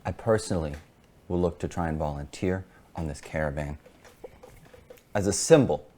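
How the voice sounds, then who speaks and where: Guy doing a pompous deep merchant, all formal and vengeful. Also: normal speed, dark tone, a little hiss or hum. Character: pompous vengeful male merchant guild leader.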